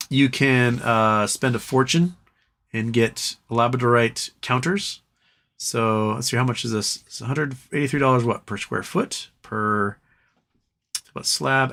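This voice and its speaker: A man's voice: medium pitch, a bit bright. A man hosting a live stream in casual chat, rambling between topics and reading chat aloud, his voice tiring. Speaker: livestream host.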